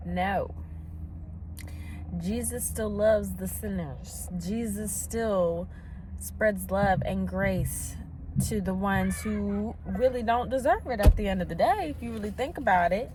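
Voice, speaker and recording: A Latina woman from the US vlogs as a stay-at-home mom from a parked truck, with background noise around her. Her mid-range voice moves slowly as she chats casually, preaches a little, and vents.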